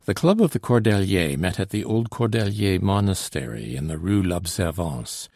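A man reading a classic historical novel aloud as narrator, in a measured, old-fashioned storytelling manner. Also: deep voice, expressive, darkish tone, dry recording, studio quality.

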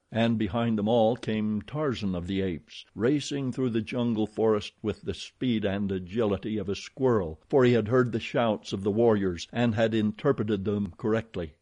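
A man reading an adventure story aloud in a measured, dramatic storytelling manner. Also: lowish voice, a little mellow. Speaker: audiobook narrator. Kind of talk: scripted narration.

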